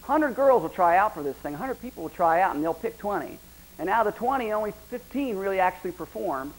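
A man's voice: high voice, expressive, brisk, low-quality recording. A middle-aged man, preaching a sermon in an emphatic, conversational way with frequent restarts.

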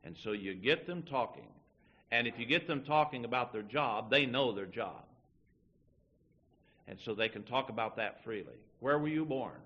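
A man's voice: mid-range voice, lively intonation, moderate pace, dull audio. A man preaching a folksy sermon to his church, acting out little everyday dialogues as he teaches. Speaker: pastor.

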